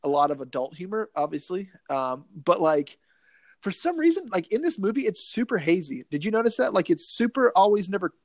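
A man's voice: sits high, big pitch swings, brisk, no echo. A man casually co-hosting a movie podcast, talking in a loose, rambling, jokey way. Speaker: podcast co-host.

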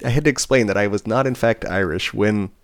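A man's voice: lowish voice, a little fast, no echo, studio quality. A man co-hosting a podcast in casual chat, telling work stories and acting out the people in them. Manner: animated storytelling, acting out quoted voices. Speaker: podcast co-host; bartender.

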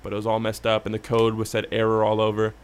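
A man's voice: lowish voice, completely flat delivery, fast, clear, resonant tone. A young man chatting casually, laid-back and slangy, often saying "bro". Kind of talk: casual chat.

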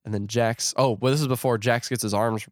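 A man's voice: mid-range voice, fairly quick, no echo, studio quality. A man co-hosting a podcast, retelling a film plot in casual chat and acting out the characters' lines. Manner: animated retelling with acted-out quotes. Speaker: podcast co-host.

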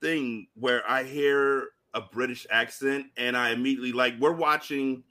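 A man's voice: medium pitch, moderate pace. A man co-hosting a podcast, chatting casually and telling stories with lots of swearing. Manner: profane, animated storytelling. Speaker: podcast co-host.

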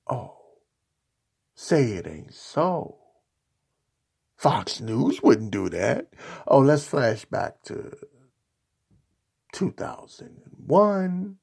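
A man's voice: mid-range voice, big pitch swings, extremely slow, creaky, pauses often, darkish tone, husky. A man delivering a sarcastic, mocking opinion rant on a vlog, hammering his points with repetition and insults. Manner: repetitive, emphatic rhetoric. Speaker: political commentator.

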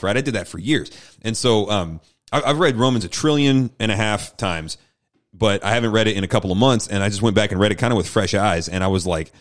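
A man who is a pastor, talking casually and earnestly on a teaching podcast, encouraging listeners with lots of conversational fillers. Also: on the low side.

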